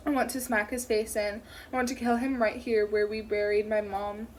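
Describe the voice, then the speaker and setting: A woman's voice: mid-range voice, flat delivery, moderate pace, slight background noise, rough recording. Woman narrating a tense audiobook. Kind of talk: first-person audiobook narration.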